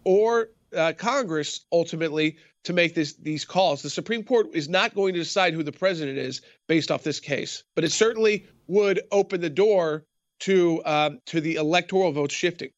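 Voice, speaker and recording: A man speaks as a guest in a remote interview. His voice is high for a man and he explains carefully, backing up and restarting as he goes. The feed sounds dull and dry. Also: moderate pace, no room sound. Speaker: guest commentator.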